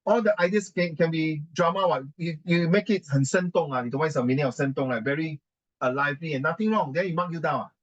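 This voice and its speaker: A man with a Singaporean English accent rants with indignant emphasis, repeating his objections. His voice sits somewhat high for a man. The recording is dull and lo-fi. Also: fast talker. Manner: indignant, emphatic, mixes in Mandarin and Singlish. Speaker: adult giving writing advice. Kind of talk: ranting conversation.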